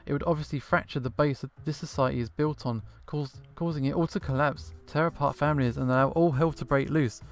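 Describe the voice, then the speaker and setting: A man's voice: on the high side, fairly even intonation, a little fast, few pauses, lightly acted. A man reading as a curt female dragon scientist. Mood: irritated. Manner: dry, sarcastic, dismissive reading.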